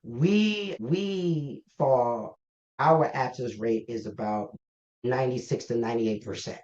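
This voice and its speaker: A man's voice: medium pitch, unhurried. A man being interviewed as the founder of a health organization, telling stories and acting out the voices of the people in them. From Baltimore, US. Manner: animated storyteller, acts out quoted exchanges. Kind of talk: conversational interview. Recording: roomy, dull lo-fi sound.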